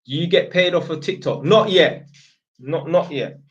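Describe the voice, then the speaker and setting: A man's voice: a little high, normal speed, fairly bright tone, muffled recording. A man from Northampton, talking bluntly and casually in slang as he answers viewer questions on a livestream. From Northampton, England. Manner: blunt, slang-heavy, swears freely.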